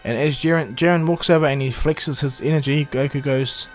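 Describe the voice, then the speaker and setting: A man's voice: a little high, fairly even intonation, fairly quick. Guy rambling thru a fan anime story on his channel, casual, faint music behind. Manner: rambling, loose, with restarts. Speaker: YouTube storyteller. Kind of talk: casual fan-fiction retelling.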